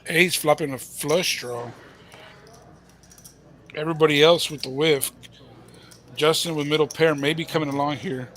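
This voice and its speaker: A man's voice: on the high side, steady tone, normal speed, pauses often, a bit bright, a little hiss or hum. A man doing casual color commentary on a live poker game, joking and talking to the players as if they can hear him.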